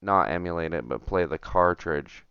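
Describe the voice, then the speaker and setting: A man's voice: sits low, animated, normal speed, fairly bright tone, clear, resonant tone, dry recording, lo-fi sound. A man streaming a retro game, talking to himself and his viewers as he plays, getting frustrated and muttering. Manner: chatty, self-talking, gets frustrated and mutters. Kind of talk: casual gameplay commentary.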